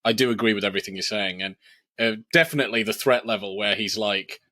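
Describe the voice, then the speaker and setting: A man chats about a film in a loose, rambling way, full of fillers and the odd swear. His voice is bright and forward at a middle pitch. The sound is dry, with no room echo. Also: fast talker. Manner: loose and chatty, lots of fillers, swears and laughs. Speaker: podcast co-host. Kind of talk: casual film discussion.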